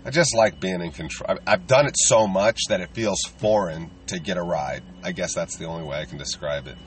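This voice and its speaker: A man's voice: low-pitched, fairly quick, recorded from a distance. A man, a touring stand-up comedian, rambling casually and self-deprecatingly with lots of fillers.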